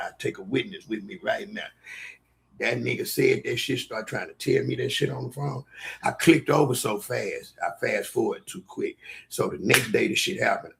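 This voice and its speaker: A man telling stories in a loud, excitable podcast chat, acting out other people's lines. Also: mid-range voice, creaky, a little hiss or hum. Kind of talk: animated storytelling chat.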